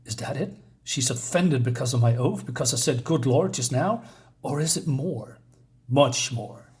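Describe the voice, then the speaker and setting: A man's voice: mid-range voice, expressive, measured pace, darkish tone, close to an everyday voice. A man voicing an earnest, resolute adult male superhero in dramatic inner monologue.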